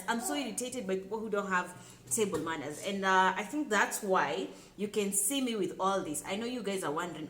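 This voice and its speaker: Young Kenyan woman, casual vlog delivery, emphatic and repetitive, mid-pitched, recorded in an echoey home room. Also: a little fast. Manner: emphatic and repetitive, lively asides. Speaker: lifestyle vlogger. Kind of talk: casual talk to camera. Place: home room with children nearby. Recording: echoey room with faint background noise.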